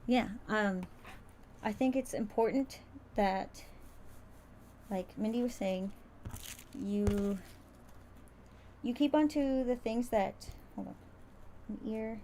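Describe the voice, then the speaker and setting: A woman's voice: on the high side, slow, pauses often, dark tone, a little hiss or hum. A woman hosting a casual livestream tutorial, chatty and rambling, often stumbling over her words as she sews. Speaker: crafter streaming a sewing demo.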